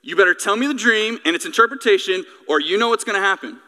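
A man's voice: high voice, animated, quick pace, sharp tone, in a large hall. A man acting out a furious, demanding ancient king who makes stern, emphatic threats. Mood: angry.

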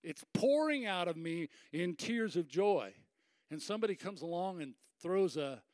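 Animated high-voiced male preacher, dry sound. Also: moderate pace, no echo. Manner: animated, acts out quoted voices with sudden high pitch jumps. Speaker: pastor. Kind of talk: sermon.

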